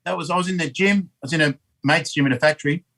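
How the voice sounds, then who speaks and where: A man's voice: on the high side, quick pace, sharp tone, rough recording. An Australian man telling a rambling story as a podcast guest, swearing often and full of energy. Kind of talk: casual storytelling.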